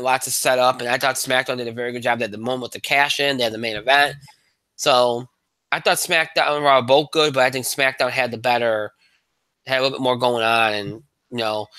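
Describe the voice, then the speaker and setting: A man's voice: medium pitch, pushed and bright, no room sound, low-quality recording. A man hosting a podcast in casual chat, rambling with fillers and restarts. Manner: plain conversational, rambling with fillers. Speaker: podcast host.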